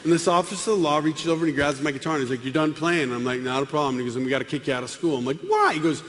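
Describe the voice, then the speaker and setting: A middle-aged man giving a comic testimony to a live audience, acting out the dialogue with lively voices. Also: a little high, very fast. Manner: animated, acts out dialogue with voices. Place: large hall with live audience. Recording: long hall reverb, faint room noise.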